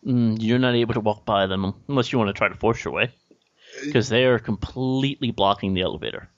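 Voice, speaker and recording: A man's voice: lowish voice, brisk, no echo. A man narrating a tabletop game as game master, describing scenes casually with many fillers. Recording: dull lo-fi dry recording.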